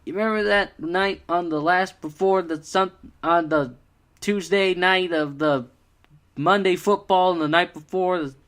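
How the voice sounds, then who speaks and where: A man's voice: sits high, measured pace, a bit bright, voice pushed up. A man voicing a muddled male train driver who rambles in confused run-on sentences. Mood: rambling.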